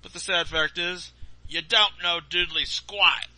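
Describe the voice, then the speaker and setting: A man puts on a foul-mouthed, boozy Santa Claus for a storybook reading. The voice sits a little higher than his own, loud and sharply bright. Every line comes out booming and mocking, with big ho-ho laughs. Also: fairly even intonation, measured pace, exaggerated voice, rough recording. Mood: scornful. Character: crude boozy male Santa Claus, boastful and scornful.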